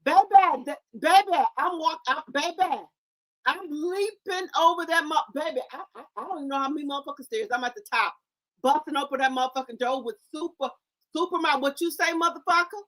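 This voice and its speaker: A woman with a high, piercing voice rants into her livestream, loud, confrontational and thick with profanity. She stammers through repeated words and keeps hurling rhetorical questions, her tone sharp and bright throughout. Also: fairly quick.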